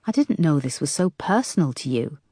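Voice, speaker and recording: A woman's voice: low voice, sing-song, a little fast, dark tone, slightly rough, dry recording, studio quality, heavily acted. Woman voicing a firm weary police chief. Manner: clipped, firm.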